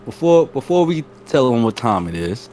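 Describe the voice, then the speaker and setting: A man's voice: medium pitch, big pitch swings, normal speed, dark tone, slight background noise. A man co-hosting a casual wrestling podcast, teasing the others in playful banter. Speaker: podcast co-host.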